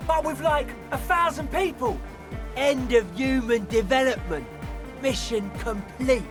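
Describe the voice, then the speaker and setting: An actor playing an excitable young rave leader in a video game, stuttering with giddy excitement. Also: male voice, very high voice, a little slow, music in the background. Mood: ecstatic.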